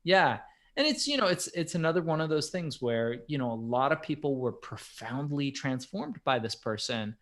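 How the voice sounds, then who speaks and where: A man on a podcast telling a story in a casual, animated way. His voice rises and falls a lot, and he leans on fillers as he goes. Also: fairly high pitch. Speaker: podcast co-host.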